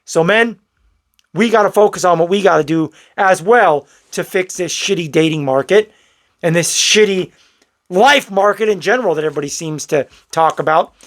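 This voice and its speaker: A man's voice: high voice, moderate pace, a bit bright. A man talking straight to his viewers in a blunt, preachy vlog commentary, calling them bro. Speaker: vlogger. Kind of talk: direct-to-camera commentary.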